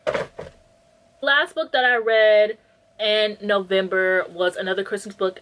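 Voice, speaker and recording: A woman's voice: mid-range voice, fairly bright tone, poor audio. A woman chatting casually about books she read, retelling plots bluntly with lots of filler words and mock quotes of the characters. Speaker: book vlogger. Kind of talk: casual chat, book review.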